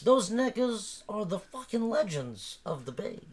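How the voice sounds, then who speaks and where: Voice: mid-range voice, sing-song, a little slow. A podcast co-host with a Bay Area accent, chatting playfully with hype, slangy banter. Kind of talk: casual podcast chat.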